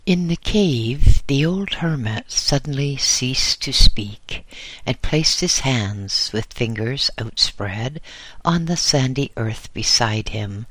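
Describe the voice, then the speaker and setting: A man narrating an audiobook in a slow, measured way. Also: medium pitch, a bit bright, no room sound.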